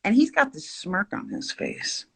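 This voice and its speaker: A woman's voice: mid-range voice, wildly swooping pitch, unhurried, gravelly, slightly rough. A woman vlogger telling a rambling, exaggerated story while she draws.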